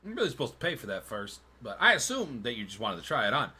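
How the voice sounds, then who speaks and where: A man's voice: medium pitch, sing-song, quick pace, pushed and bright, husky, heavily acted. A man voicing a friendly, eager male tanner selling belts and pouches in a tabletop game. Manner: friendly, salesman-like.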